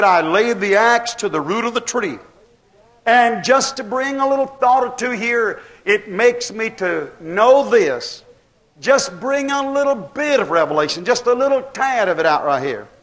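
Man, preacher, high-pitched voice, emphatic sermon, rhetorical questions. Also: fairly bright tone.

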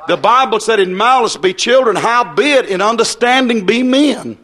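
A man's voice: very high-pitched, lively intonation, normal speed, a bit bright. A man preaching a fiery, folksy revival sermon.

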